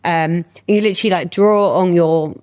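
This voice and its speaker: A woman's voice: on the low side, steady tone, moderate pace, a little mellow, clean tone. A woman co-hosting a podcast, chatting casually and recommending products with enthusiasm. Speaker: podcast co-host. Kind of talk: casual chat.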